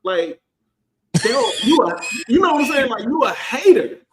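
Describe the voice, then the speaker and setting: Animated high-voiced man in his thirties. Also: normal speed, reverberant, noisy background. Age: 30s. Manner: animated, slangy, acts out quoted voices. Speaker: panelist, finance accounting professional. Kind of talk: casual panel discussion.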